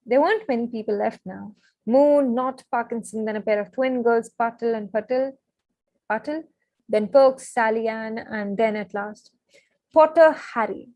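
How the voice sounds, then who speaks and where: A young woman reading a novel aloud on a live stream. She is excitable and chatty, breaking off often with fillers and apologies. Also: fairly high pitch, normal speed, no room sound, poor audio. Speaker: live-stream book reader.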